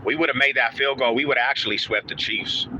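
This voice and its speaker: Bright-voiced hyped man trash-talking from his car. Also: medium pitch, a little fast, slight background noise. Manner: trash-talking, hyped and repetitive, calls listeners bro. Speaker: live-streaming sports fan host. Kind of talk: casual live stream chat. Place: in a car driving to work. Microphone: phone in hand.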